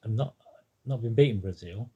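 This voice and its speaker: A man talking casually about a football team, rambling and hesitant, with many pauses, ums and restarts. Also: on the low side, warm tone, breathy edge, highs cut off. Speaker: football fan commentator. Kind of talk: casual spoken monologue.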